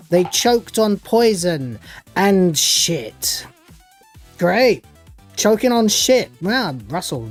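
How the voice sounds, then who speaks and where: A woman's voice: fairly low pitch, darkish tone. A woman reviewing a TV episode, sarcastic and dismissive, rambling with lots of fillers. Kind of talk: opinionated episode review commentary.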